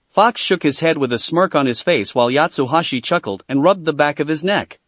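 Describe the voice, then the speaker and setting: Guy reading fanfic, kinda high voice, dry close sound. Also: lively intonation, moderate pace, hardly any pauses, dry recording. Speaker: narrator. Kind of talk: fan fiction reading.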